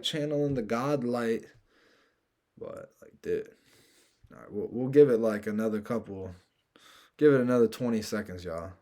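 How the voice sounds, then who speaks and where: A man's voice: mid-range voice, a little mellow. A man hosting a reaction video, talking casually to viewers in easygoing slang with chuckles between remarks. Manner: laid-back, slangy, chuckling, speaking to viewers. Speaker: reaction channel host.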